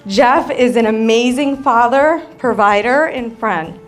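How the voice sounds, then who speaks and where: A woman's voice: fairly high pitch, a little slow. A woman, the bride's sister, giving a wedding reception toast, joking about herself and laughing often. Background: faint crowd and music.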